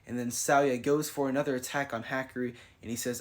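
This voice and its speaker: A man's voice: medium pitch, steady tone, fairly quick. A man recapping and reviewing a manga chapter in a casual, slangy way, paraphrasing the characters' lines as he goes.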